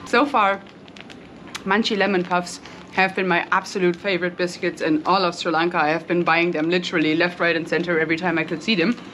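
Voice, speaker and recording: A woman's voice: fairly low pitch, steady tone, a little fast, fairly bright tone, a little hiss or hum. A young woman co-hosting a casual vlog, chatty and playful as she tastes snacks and gives them ratings. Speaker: vlog co-host.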